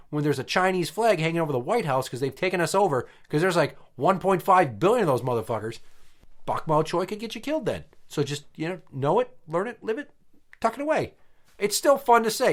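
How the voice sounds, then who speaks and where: A man in his thirties hosting a podcast, telling stories bluntly and swearing freely in casual chat. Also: on the high side. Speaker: podcast host.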